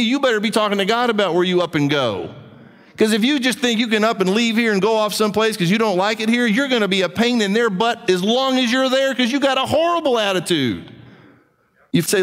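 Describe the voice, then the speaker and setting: A man preaching a sermon as a pastor, in an animated, conversational way with joking asides. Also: high-pitched, brisk. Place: church hall. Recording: hall reverb.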